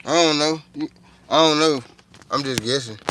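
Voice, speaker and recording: A middle-aged man talks loosely to his livestream viewers, with a voice pitched a little above the usual for a man. His tone is bright and forceful, and his talk is rambling and full of swearing. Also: moderate pace, a little hiss or hum. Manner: rambling, profane, laid-back, chatting with viewers. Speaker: livestream host. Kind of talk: casual livestream chat.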